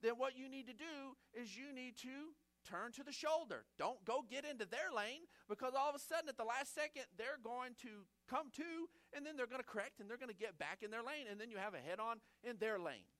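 A man's voice: very high-pitched, animated, a little fast, hardly any pauses, fairly bright tone, no echo. A middle-aged man preaching a sermon in a church, telling a story in a conversational, self-amused way. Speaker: pastor.

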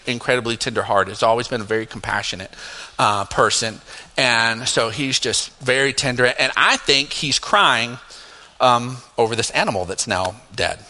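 Bright animated pastor in a reverberant hall. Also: male voice. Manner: animated, laughing asides, rising to emphatic highs. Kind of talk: sermon storytelling. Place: church sanctuary.

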